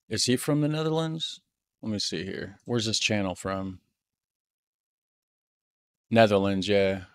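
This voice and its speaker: American male host, casual reaction talk, fairly low voice, dry recording, stumbles and repeats words. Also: dry recording. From United States. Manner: chatty, repeats words when thinking aloud.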